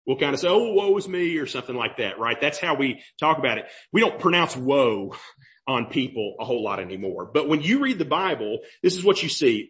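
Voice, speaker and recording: A young adult pastor preaching a sermon in a conversational way, often checking in with "right?" and "okay?". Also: male voice, medium pitch.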